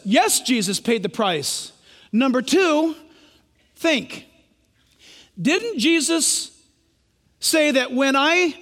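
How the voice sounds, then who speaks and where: High-voiced man preaching in a reverberant hall. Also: a bit bright. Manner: emphatic, asks the congregation questions. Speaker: pastor. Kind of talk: sermon. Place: church sanctuary.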